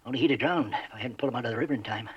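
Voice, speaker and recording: The muffled soundtrack of a 1960s TV western carries an actor's mid-range, slightly rough, natural-sounding voice as he rattles off lines at a rapid clip. His character is a chatty, giggly backwoods man, folksy in mood, who stammers, chuckles, and talks with rustic grammar.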